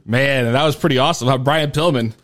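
A man's voice: mid-range voice, brisk, fairly bright tone. A man hosting a casual podcast, talking loosely, laughing easily and swearing. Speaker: podcast host.

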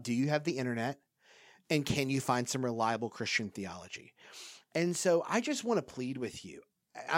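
A man's voice: mid-range voice, dry recording. Pleading man with dry sound. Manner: impassioned, pleading, repeats himself. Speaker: podcast host. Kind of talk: casual discussion.

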